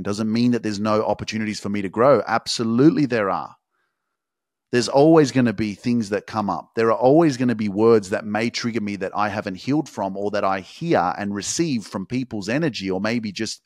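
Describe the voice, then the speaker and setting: A man with a fairly low voice delivers an intense motivational podcast monologue. He leans into emphatic, drawn-out phrases and swears freely. The sound is close and dry, with no room around it. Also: dry recording. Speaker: podcast host.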